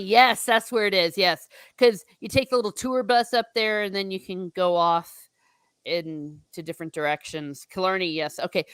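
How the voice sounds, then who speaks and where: A woman from the United States hosting a casual livestream book chat, talking in a chatty, animated way and reading viewer comments aloud. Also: lowish voice, clear, resonant tone, no echo. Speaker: host.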